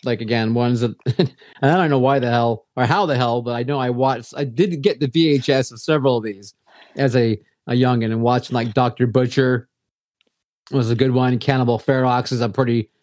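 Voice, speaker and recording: A man's voice: medium pitch, steady tone, brisk, darkish tone, no room sound, clean studio sound. A man co-hosting a podcast in casual chat, rambling with many restarts. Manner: rambling, lots of fillers and restarts. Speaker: podcast co-host.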